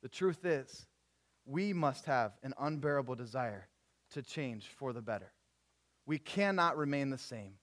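A man's voice: medium pitch, unhurried. A young man preaching a sermon, telling stories casually and acting out the people in them. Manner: animated storytelling with voiced characters, casual slang. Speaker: youth preacher.

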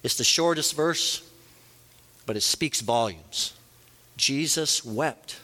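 A man's voice: mid-range voice, lively intonation, takes it slowly, sharp tone. A man preaching a sermon as a pastor, earnest, rising and falling for emphasis. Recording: long reverb of a large hall.

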